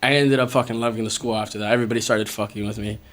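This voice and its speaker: A young man hosting a podcast, telling a story in a casual, animated way, with lots of swearing and laughter. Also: on the low side, racing. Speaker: podcast host. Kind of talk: casual storytelling among friends. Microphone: podcast studio mic.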